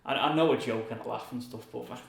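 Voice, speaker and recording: A man's voice: medium pitch, fast talker, vocal fry. A man with a mid-range voice talks enthusiastically about films, often stammering as he restarts sentences. The recording sounds roomy and echoey. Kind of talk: casual film chat. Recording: roomy echo.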